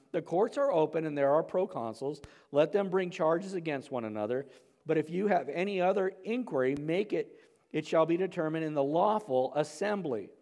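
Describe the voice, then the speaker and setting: A man's voice: on the high side, darkish tone. A man preaching a verse-by-verse sermon as pastor, talking casually with frequent "okay?" and "right?" asides. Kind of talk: expository sermon. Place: church sanctuary. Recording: long hall reverb.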